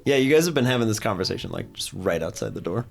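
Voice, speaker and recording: Low-ish guy gm'ing a tabletop game, super animated voice, playful, laughs a lot, faint music under it. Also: vocal fry. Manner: playful, laughs often, slips into quick character voices. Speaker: game master.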